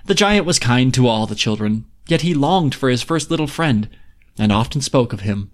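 A man narrates a fairy tale in an even, expressive voice. In conversation he turns chatty and relaxed, often restarting his sentences. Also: mid-range voice, normal speed. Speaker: podcast host and reader. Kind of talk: expressive story reading, then casual chat.

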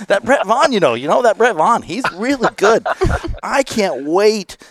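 A man's voice: very animated, a little slow, no echo, exaggerated voice. A man doing a gushing Wisconsin fan. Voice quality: high-pitched, gushing, repetitive. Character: excitable male fan from the upper Midwest, gushing.

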